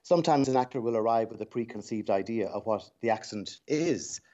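A man's voice: lowish voice, expressive, a little fast, mellow. Irish man on a dull lo-fi line. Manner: reflective, anecdotal, with frequent restarts. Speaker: dialect coach. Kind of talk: radio interview guest.

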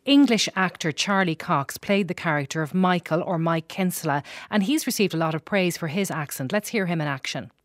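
An Irish woman hosting a radio discussion, moving things along with brisk, guiding questions. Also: on the low side. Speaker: radio host.

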